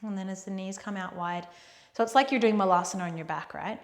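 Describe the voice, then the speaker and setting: Leading a yoga class, a woman offers gentle, encouraging cues for breathing and poses, calling her students "my friends" and "yogis." She speaks at medium pitch, unhurried, with long pauses, in an echoey room with long reverb.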